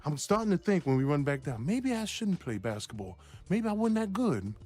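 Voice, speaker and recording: Animated laughing man telling a story. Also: on the high side, brisk, faint music behind. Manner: laughing, acts out voices, swears casually. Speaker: former player telling a story. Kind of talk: animated anecdote in an interview.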